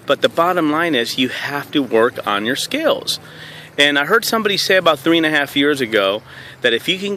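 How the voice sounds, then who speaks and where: A man with a bright, forceful voice gives a motivational talk to camera, full of energy as he tells stories from his network marketing work. He speaks from inside a car, with faint road noise behind him. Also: on the high side. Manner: energetic storytelling, slips into quoting himself.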